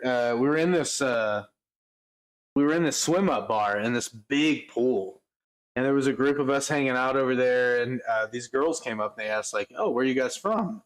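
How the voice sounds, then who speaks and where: American male co-host, mid pitch, rambling swearing storyteller, casual. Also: low-quality recording. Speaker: livestream co-host. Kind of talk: casual chat.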